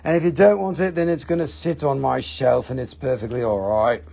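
A man's voice: medium pitch, steady tone, a little fast, gravelly, darkish tone. A man hosting a live shop stream, talking casually, joking and swearing as he prices items. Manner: joking, profane, rambling. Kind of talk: casual live sales chat.

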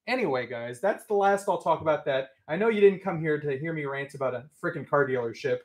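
Male livestream host, excitable and ranty, high lively voice. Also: fairly quick, few pauses. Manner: excitable, ranting, says friggin' often. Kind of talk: casual livestream chat.

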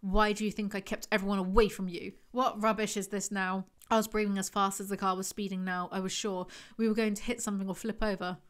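A woman's voice: mid-range voice, little pitch movement, fast, few pauses, smooth. A woman hosting a book review vlog, reading excerpts aloud and breaking in with sarcastic, wry asides. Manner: sarcastic, wry asides between read passages.

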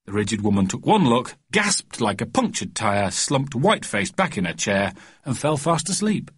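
A man narrating a children's storybook audiobook with a lively, expressive reading. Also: medium pitch, moderate pace, slightly rough.

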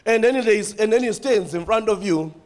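A man preaching a sermon in church with a South African accent, animated, repeating phrases and calling out to the congregation. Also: high voice, fairly quick.

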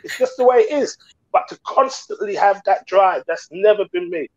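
A man's voice: high-pitched, normal speed, darkish tone, muffled recording. A man co-hosting a casual chat and telling a comic story. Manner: storytelling, does silly voices. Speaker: co-host.

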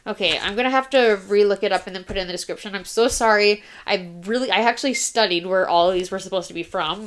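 A woman's voice: medium pitch, a bit bright, slight background noise. A young woman casually narrating a planner flip-through, chatty and apologetic, often trailing off and restarting. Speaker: planner vlogger. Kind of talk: casual show-and-tell narration.

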